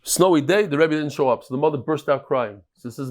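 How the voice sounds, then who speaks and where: This daily Talmud class is taught by a man with a fairly high voice who talks fairly quickly, barely pausing. Casual and lively, he mixes English with Hebrew, Aramaic and Yiddish words and brings stories alive through quoted voices.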